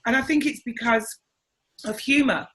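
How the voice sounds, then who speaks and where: Animated woman with a husky voice. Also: a little high, moderate pace, low-quality recording. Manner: animated storyteller, acts out quoted voices. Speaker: interview guest, comedian. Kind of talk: casual conversational interview.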